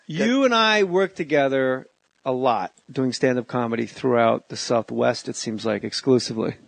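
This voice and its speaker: A man's voice: mid-range voice, normal speed, gravelly, no room sound. A man hosting a comedy podcast from his home, chatting loosely and jumping into silly mock voices. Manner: loud, jokey, slips into mock voices. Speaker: podcast host. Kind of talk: casual comedic chat.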